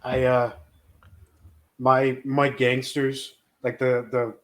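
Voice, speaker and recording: Halting man player. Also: medium pitch, flat delivery, a bit bright. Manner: halting, restarts often. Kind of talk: casual tabletop play.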